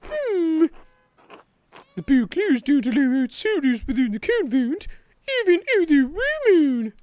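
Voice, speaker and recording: A man voicing a gentle, sly elderly nun in a high falsetto while reading game dialogue. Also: full character voice.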